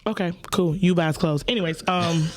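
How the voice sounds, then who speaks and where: A woman's voice: on the low side, fairly quick. A woman, hosting a podcast and telling stories in a loose, profane, playful way. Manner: animated storytelling, profane, playful. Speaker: podcast host. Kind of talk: casual chat.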